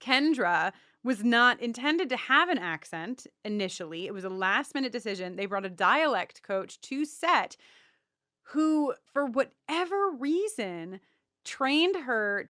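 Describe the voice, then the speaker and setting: A woman's voice: on the high side, fairly bright tone, dry recording, studio quality. Chatty woman podcast co-host. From Long Island. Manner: chatty, self-interrupting, with frequent ums. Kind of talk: casual chat.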